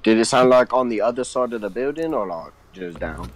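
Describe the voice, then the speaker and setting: A man's voice: mid-range voice, expressive, brisk. A man playing a tabletop game, talking casually and tentatively. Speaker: player.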